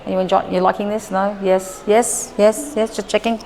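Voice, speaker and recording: A woman presenter at a mid pitch talks to families gathered in a large hall. She tells her stories with lively, acted-out dialogue and keeps checking in with the room. The voice carries a long reverberant tail over a faint background hiss. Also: moderate pace. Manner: lively storyteller who acts out dialogue and checks in with listeners. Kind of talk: live talk to homeschool families.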